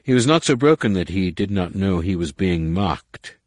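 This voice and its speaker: A man narrating an audiobook in a measured, dramatic way. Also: low-pitched, animated, a little mellow, dry recording, clean studio sound. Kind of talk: scripted narration.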